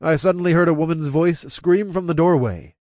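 A man's voice: fairly quick, a little mellow, no room sound. Man reading a first-person story, dry close sound. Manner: plays his own lines with a low growl. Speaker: narrator.

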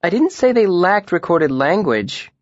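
A prickly young woman student, as a male reader puts her on, defensive and tart, voiced somewhat higher than the narrator. The sound is dry and a little dull. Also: very animated, unhurried, dry recording, exaggerated voice. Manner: defensive, muttering.

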